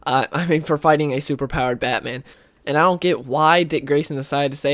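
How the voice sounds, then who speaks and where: A man recaps comic book plots in an easygoing, rambling way, often dropping "like" and "uh". His voice sits a bit high for a man. Now and then he briefly acts out a character's line. The sound is dry and close. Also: steady tone, brisk, a bit bright, no echo. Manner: rambling, lots of "like" and "uh". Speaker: comic book video host. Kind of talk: casual spoken story recap.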